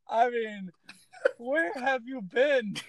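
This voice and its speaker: A man's voice: high voice, dry recording. A man co-hosting a sports talk show, chiming in with sarcastic jabs at a rival team. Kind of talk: casual sports podcast chat.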